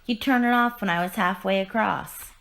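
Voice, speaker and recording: A woman reading aloud the lines of a bitter, broken male clown villain, getting louder as she tells his joke. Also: medium pitch, moderate pace, close to an everyday voice. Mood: storytelling.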